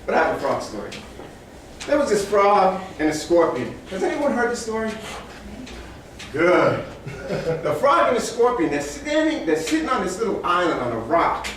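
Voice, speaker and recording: A man's voice: sits high, wildly swooping pitch, normal speed, a bit bright, slight background noise. A man giving a motivational talk to a small live group, telling animal stories and acting out the animals' voices with big shifts in energy. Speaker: motivational speaker. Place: room with a small audience. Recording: echoey room, speaker far from mic.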